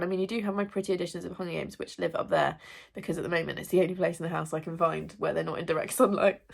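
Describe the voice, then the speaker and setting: Vlogger, young woman, congested from illness; low gravelly voice, chatty and apologetic. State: congested, ill. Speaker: booktuber, English teacher. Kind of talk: casual reading wrap-up vlog. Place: at home.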